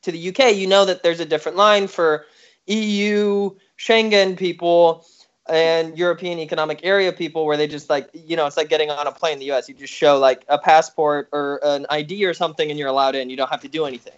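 A man's voice: a little high, steady tone, brisk, clean tone. A man talking through politics in casual, rambling chat, swearing and joking as he goes. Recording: slightly dull lo-fi sound.

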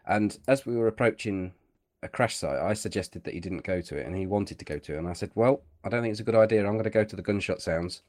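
Low-voiced guy rambling and joking on a gaming podcast, pretty laid back. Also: quick pace, darkish tone. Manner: chatty, rambling, teasing. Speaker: podcast co-host. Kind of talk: casual chat while gaming.

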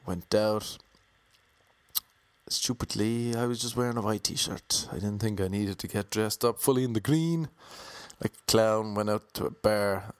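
Irish comic in his thirties, Cork accent, lowish voice, deadpan monotone storytelling. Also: unhurried, clean tone, no room sound. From Ireland. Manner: self-described monotone, wry and self-mocking. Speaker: comedian and DJ. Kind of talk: storytelling monologue.

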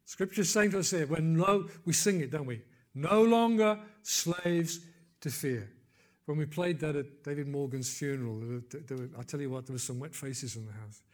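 An older man preaching a sermon, building to loud emphatic peaks and then dropping low, with conversational asides and gentle humor. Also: a little fast.

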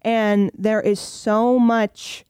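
Chatty young woman with a warm, dry sound. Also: medium pitch, drawn-out words, clear, resonant tone, dry recording. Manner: chatty, lots of "like" fillers, animated. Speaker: comedian guest. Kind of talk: casual podcast chat.

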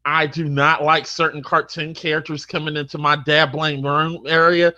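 Bright lo-fi man ranting. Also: fairly high pitch, flat delivery, normal speed. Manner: exaggerated, ranting, repetitive, bursts into yelling. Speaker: panel contestant. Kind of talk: comedic rant.

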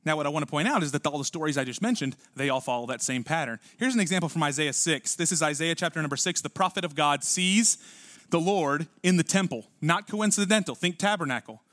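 A man's voice: a little high, quick pace, dry recording, clean studio sound. Conversational man preaching a sermon. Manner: conversational preaching with rhetorical questions and sudden drops to a quiet voice. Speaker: pastor.

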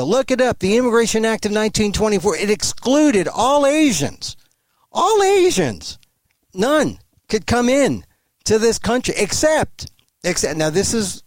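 Brief: male guest on a remote call, high-ish lively pitch, emphatic delivery, dry sound. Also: no room sound. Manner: emphatic, animated, halting restarts. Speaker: guest commentator. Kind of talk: remote interview.

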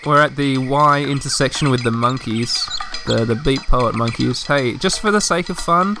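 A man's voice: medium pitch, moderate pace, vocal fry, music in the background. A tired man hosting a casual let's play of a children's game. He rambles and jokes about himself, with lots of fillers and restarts. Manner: rambling, self-deprecating, full of fillers and restarts.

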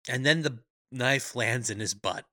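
A man's voice: mid-range voice, measured pace, bright, forceful tone, no echo, studio quality. A man co-hosting a podcast, casually recapping a movie plot and laughing often. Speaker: podcast co-host.

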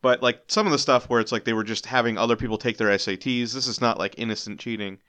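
A man's voice: mid-range voice, fairly even intonation, fast, bright, forceful tone, smooth. A man co-hosting a podcast in casual chat, earnestly arguing his point with frequent restarts. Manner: earnest, argumentative, restarts often. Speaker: podcast co-host.

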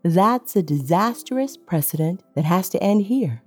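A woman's voice: fairly low pitch, expressive, measured pace, breathy edge, soft background music. A woman voicing a scheming male villain with a cold, sneering, taunting manner in an audiobook. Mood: menacing.

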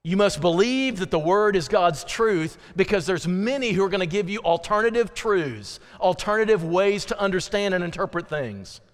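High-voiced preacher in a reverberant hall. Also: male voice, normal speed, hardly any pauses. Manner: animated preaching with dramatic drops to quiet, earnest lines. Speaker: pastor. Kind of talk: sermon. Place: church sanctuary. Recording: church hall with long reverb.

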